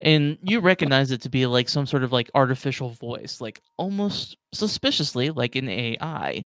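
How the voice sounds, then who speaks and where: Smooth-voiced man running a tabletop game. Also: medium pitch, lively intonation, normal speed, fairly bright tone. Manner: casual, many fillers, playful. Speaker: game master.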